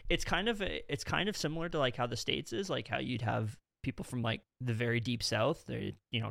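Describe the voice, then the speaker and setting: A man hosting a casual podcast, talking with a blend of Eastern and Western Canadian accents. His voice has a gravelly rasp, recorded dry and close with no room sound. He rambles and restarts his sentences as he talks. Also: mid-range voice, fairly even intonation, brisk, a bit bright, no room sound. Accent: mixed Eastern and Western Canadian. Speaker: podcast host.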